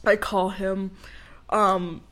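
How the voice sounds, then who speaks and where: Speaking extremely slowly in a mid-range voice, a twenty-something woman co-hosting a podcast shares a story in casual talk. She stays animated, laughing often and acting out each person she quotes.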